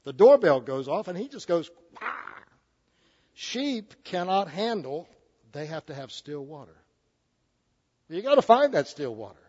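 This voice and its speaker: A man's voice: high-pitched, darkish tone, lo-fi sound. A man in his sixties delivering a folksy, joking sermon, often restarting his sentences. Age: 60s. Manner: folksy, jokey, with frequent restarts. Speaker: preacher.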